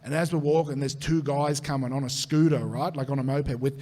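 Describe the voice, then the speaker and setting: Speaking a little fast at medium pitch, this Australian-accented comedian guest spins a lengthy funny anecdote for a live crowd. He swears freely and animatedly performs the story's voices.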